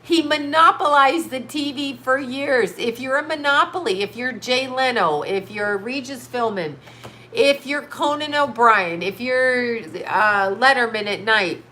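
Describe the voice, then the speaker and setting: A woman's voice: fairly high pitch, unhurried, sharp tone, a little hiss or hum. A middle-aged woman hosting a livestream, chatting with viewers in a blunt, rambling, indignant way. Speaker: livestream host reading chat. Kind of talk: casual ranting livestream chat.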